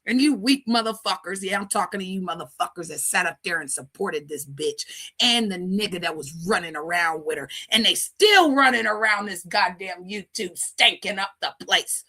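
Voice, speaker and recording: Bright, brash scolding woman streamer. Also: mid-range voice, animated, moderate pace. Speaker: streamer and commentator. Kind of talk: live-stream commentary rant.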